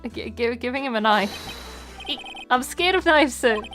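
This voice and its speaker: A woman voicing an overeager, jittery young male police officer who ends almost every sentence with "sir" and talks loud and melodramatic. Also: fairly high pitch, animated, moderate pace, soft background music. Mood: whiny.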